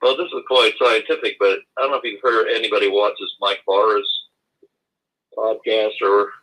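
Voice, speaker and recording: A man calling in to a casual chat show, halting and repeating himself, with religious turns of phrase, heard over lo-fi call audio. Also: on the low side, steady tone, sharp tone. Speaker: guest.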